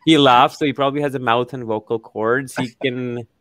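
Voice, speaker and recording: A young man from Pakistan in a casual podcast chat, laughing often and reading quotes aloud slowly. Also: mid-range voice, fairly even intonation, fairly bright tone. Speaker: co-host.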